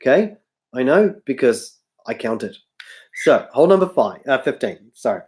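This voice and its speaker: A man's voice: medium pitch, big pitch swings, normal speed, a little mellow. Tired guy losing his voice, rambly harmonica tutorial on a livestream, keeps correcting himself, harmonica notes in between. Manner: rambling, self-correcting, apologetic. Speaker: harmonica teacher. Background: harmonica playing.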